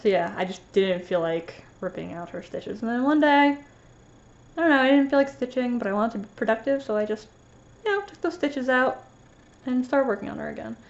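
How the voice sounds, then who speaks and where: A woman's voice: a little high, lively intonation, a little fast, muffled recording. A woman vlogging about her cross-stitch finishes in a casual, rambling show-and-tell chat, with a slight lisp and lots of fillers and restarts. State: sniffly after sneezing.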